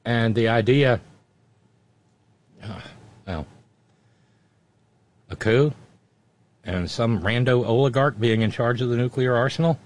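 A man with a mid-pitched, ordinary voice reads news items as a show host. He keeps stopping to poke fun at them with wry, mocking asides. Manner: wry, mocking, quick interjections. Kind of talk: reading news with sarcastic asides.

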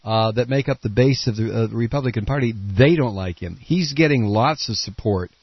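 Combative male radio host with a gravelly, husky, congested voice; dry, dull broadcast sound. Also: medium pitch, fairly quick, dry recording. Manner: blunt, combative, rambling with restarts. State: coughing, congested. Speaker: radio talk show host. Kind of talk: political talk radio. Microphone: studio microphone.

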